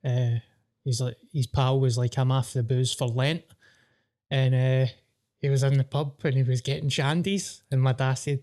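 A man's voice: medium pitch, flat delivery, normal speed, darkish tone. A Scottish man hosting a podcast, chatting casually and swearing as he tells stories. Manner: sweary, storytelling. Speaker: podcast host. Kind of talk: casual chat.

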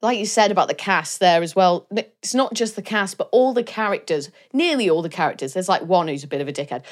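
A woman's voice: fairly low pitch, expressive, fast. A Welsh woman co-hosting a podcast, chatting casually and eagerly about a film and telling stories. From Wales. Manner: chatty, enthusiastic storyteller. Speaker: podcast co-host. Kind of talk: casual film review chat.

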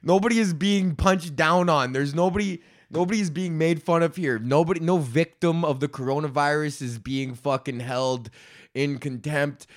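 A man's voice: fairly high pitch, moderate pace. A man hosting his own podcast in a casual ranting monologue, swearing constantly, rambling and laughing often. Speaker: podcast host.

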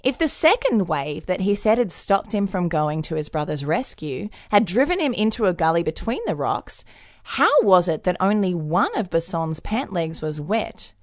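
A woman tells a true crime story on a podcast in a fairly low voice that swings widely up and down as she jokes. Her delivery is casual and punny, with bits of playful acting. The sound is close and dry, with no room echo. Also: normal speed. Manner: jokey, punny, lively storyteller.

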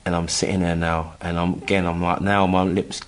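A middle-aged man from England telling a personal story in casual chat, halting with many restarts and acting out the voices he quotes. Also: sits low, level tone, a little hiss or hum. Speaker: guest telling his story.

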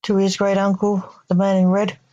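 A woman narrating a short story in a steady, unhurried reading voice. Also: medium pitch, muffled recording. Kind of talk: scripted narration.

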